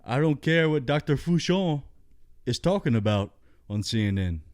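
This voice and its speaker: Male vlogger, mellow tone, blunt and profane. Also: medium pitch, animated, normal speed. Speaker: comedic vlogger. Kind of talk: comic storytelling and rant.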